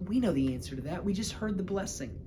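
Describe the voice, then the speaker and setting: A man preaching a sermon, retelling a Bible story in a casual, humorous way with quick bursts of speech. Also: high-pitched, animated, background noise.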